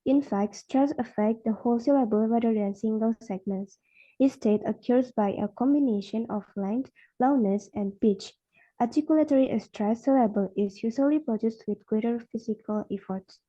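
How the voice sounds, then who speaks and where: A young Indonesian-accented woman presenting on word stress for a class, slowing down to model stressed words. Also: on the high side, mellow. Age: young adult. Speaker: student presenter. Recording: muffled lo-fi recording.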